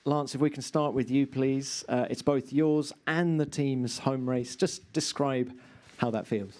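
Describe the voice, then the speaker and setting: Mellow-voiced male press moderator. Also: mid-range voice, unhurried. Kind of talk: formal questioning.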